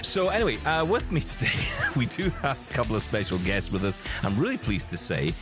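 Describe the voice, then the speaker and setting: A man's voice: mid-range voice, fairly quick, music in the background. A man hosting a tech podcast in casual, jokey chat with his guests. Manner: chatty, jokey, animated. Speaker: podcast host.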